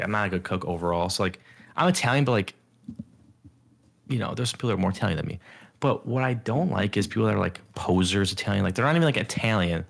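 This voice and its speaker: A young man with a lowish voice talks loosely on a podcast, piling up fillers as he tells stories. He mimics the voices of people he complains about. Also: creaky. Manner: rambling, filler-heavy storytelling with mocking quoted voices. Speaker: podcast co-host. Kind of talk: casual chat.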